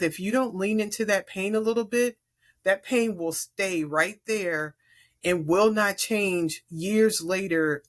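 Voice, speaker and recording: A middle-aged woman from Chicago, a podcast guest speaking in an earnest, encouraging, deliberate way. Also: mid-range voice, a bit bright. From Chicago, USA. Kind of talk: earnest advice in conversation.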